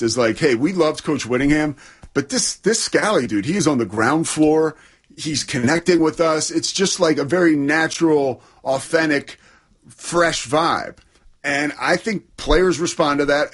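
A man's voice: fairly high pitch, husky. A man co-hosting a casual sports talk show, chatting with enthusiasm about college football.

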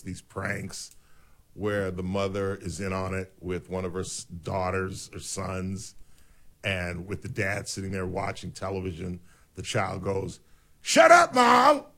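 A man co-hosting a casual chat, telling stories with animated quoted voices and jokes. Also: low-pitched. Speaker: podcast host.

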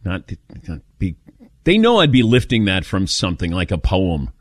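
A man's voice: low-pitched, huge pitch swings, normal speed, dry recording. A man hosting a sports talk radio show, dry and wry in manner. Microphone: studio microphone.

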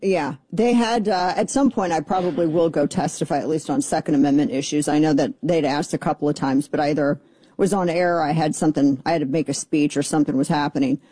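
A woman's voice: low-pitched, a little fast, warm tone, slightly rough, no room sound. A middle-aged woman hosting a political radio talk show, chatty, opinionated and sarcastic. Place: radio studio.

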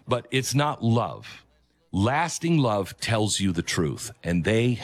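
Male opinion host, forceful repetitions, animated delivery, dry booth sound. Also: lowish voice, slow pace, no room sound. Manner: emphatic, moralizing, repeats key phrases. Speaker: commentary show host. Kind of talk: opinion commentary over played clips.

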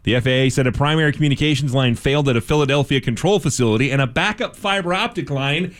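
A man's voice: mid-range voice, quick pace. Casual-reading male radio news host. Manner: reads news items with casual asides and fillers.

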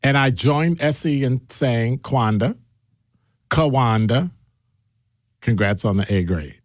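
Guy hosting a radio call-in show, teasing listeners while reading texts, mid pitch, dry close studio sound. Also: animated, takes it slowly, dry recording. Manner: playful, teasing banter with listeners. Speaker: radio talk show host.

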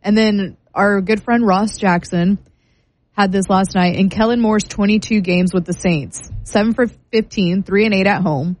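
A woman on a casual sports talk show, sounding exasperated and sardonic about her team. She reels off numbers in a brisk, fed-up way, at a mid-range pitch. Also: darkish tone, rough recording. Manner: exasperated and sardonic, reading stats aloud.

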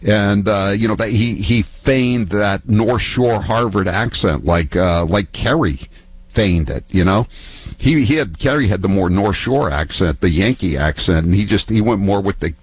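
An older man, telling political stories in a rambling, halting way full of restarts. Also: sits low, slightly rough, no echo. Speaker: political talk guest. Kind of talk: casual political storytelling.

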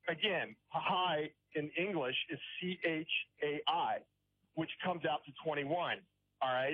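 A man's voice: a little high, no room sound. A man calling in to a radio show, telling a long story in a rambling, hesitant way and often checking in with the listener. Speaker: caller. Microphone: telephone. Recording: tinny phone line on call-in radio.

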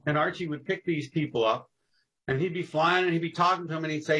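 A man spinning old stories with gusto, leaping into voices and laughing along. His voice is a touch higher than most men's and has a husky edge. He pushes his words out with force. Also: fast, pushed and bright, rough recording. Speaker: guest storyteller on local history. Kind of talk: casual podcast storytelling.

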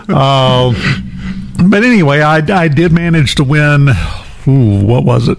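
A man's voice: on the high side, expressive, slow, gravelly, long pauses. A man hosting a morning talk show, telling a long personal anecdote in a casual, chatty way with many fillers and restarts. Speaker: radio show host.

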